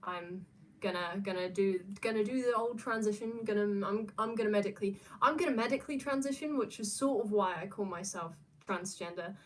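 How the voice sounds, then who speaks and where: A woman's voice: mid-range voice, a little fast. A young adult woman, chatting casually on a livestream and answering viewer questions, rambling with lots of fillers and restarts. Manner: rambling, many fillers and restarts, laughs often.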